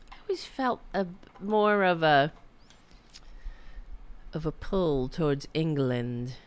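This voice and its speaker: A middle-aged woman hosting a live political stream, ranting in a heated, profane, rambling way with frequent restarts. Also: a bass voice. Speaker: political commentary host.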